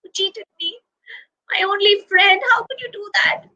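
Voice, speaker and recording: A woman's voice: very high-pitched, fairly even intonation, sharp tone, highs cut off, pitched above the performer's own voice. A woman voicing a fretful male storybook creature who loves carrots and wails and accuses when upset. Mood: angry. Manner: anxious, wailing, quick to accuse.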